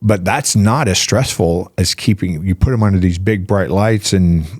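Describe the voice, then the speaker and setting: Male physician guest, low voice, animated explainer full of rhetorical questions, dry close recording. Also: normal speed, breathy edge, no echo. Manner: animated, piles up rhetorical questions and "right?" tags. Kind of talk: casual podcast explanation.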